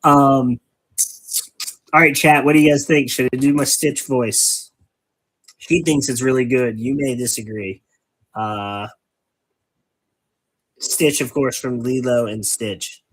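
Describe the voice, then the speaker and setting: A man's voice: medium pitch, steady tone, slow, long pauses, fairly bright tone, rough recording. A man hosting a casual hobby stream while painting miniatures, rambling and wordy, making fun of himself. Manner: wordy, rambling, self-mocking. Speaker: host.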